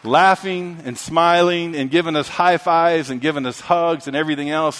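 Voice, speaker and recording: A man preaching a sermon, telling a story and swinging from loud, emphatic lines to hushed ones. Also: fairly high pitch, normal speed, few pauses. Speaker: pastor. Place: church sanctuary. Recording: long hall reverb.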